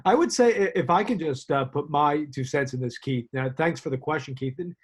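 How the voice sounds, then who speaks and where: Measured male video-call host. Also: on the high side, slightly rough. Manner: measured, many fillers. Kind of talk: casual advice on a video call.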